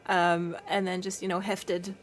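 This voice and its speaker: A woman's voice: on the low side, level tone, measured pace. Chatty, giggly woman streamer. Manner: chatty and giggly, baby-talking to her cat. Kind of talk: casual chat with stream chat.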